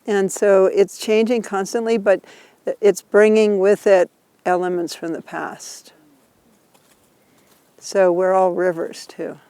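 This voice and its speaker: Walking a group outdoors on a tour, a Buddhist teacher explains ideas patiently and informally, laughing often. Her mid-range voice is level, slow, dark and clean, with frequent pauses and no echo.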